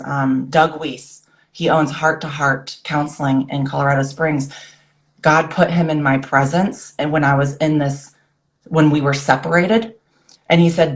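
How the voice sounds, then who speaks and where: A woman in her forties with a low voice tells her own story as a guest. She talks earnestly in short bursts of phrases, and she slips into the voices of people she remembers. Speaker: guest author. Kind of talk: personal story in conversation.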